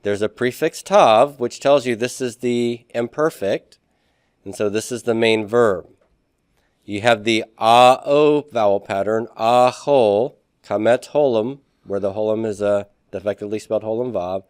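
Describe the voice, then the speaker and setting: A man teaching a recorded grammar lecture, explaining step by step, spelling out Hebrew words slowly and often asking "okay?" to check in. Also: fairly low pitch, clean tone, no room sound, clean studio sound.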